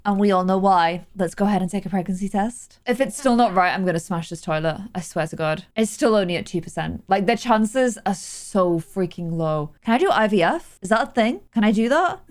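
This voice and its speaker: A woman giving chatty, excitable let's play commentary, breaking into gasps and exclamations. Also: medium pitch, brisk. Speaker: gaming YouTuber.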